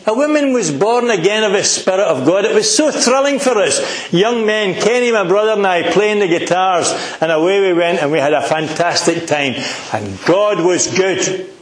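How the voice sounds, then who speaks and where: Middle-aged Scottish preacher, high pitch, emphatic delivery, recorded in a reverberant hall. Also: male voice, expressive, moderate pace, hardly any pauses. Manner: earnest, emphatic, asks the congregation questions. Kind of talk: sermon.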